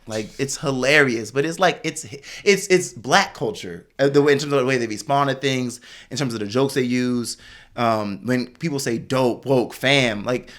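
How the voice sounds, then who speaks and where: A man hosting a casual podcast chat, talking loosely with lots of "like"s and getting animated as he tells stories. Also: medium pitch. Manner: loose, filler-heavy storytelling with many "like"s; animated when telling anecdotes. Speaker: podcast host.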